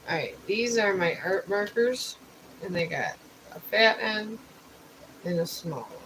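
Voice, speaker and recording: A slow-talking streamer who rambles while painting on a live stream and explains each material as they go. The delivery is unhurried and drifts from thought to thought. A steady wash of noise sits behind the voice. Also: medium pitch, rough recording. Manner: rambling, thinks aloud while working; explains art materials step by step. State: just woke up.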